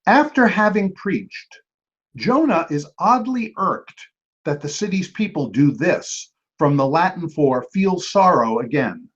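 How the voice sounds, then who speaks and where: A man hosting a trivia match, reading each clue and then repeating it slowly, with quick joking asides to the teams. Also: a little high, lively intonation. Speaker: trivia quizmaster. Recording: dull lo-fi recording.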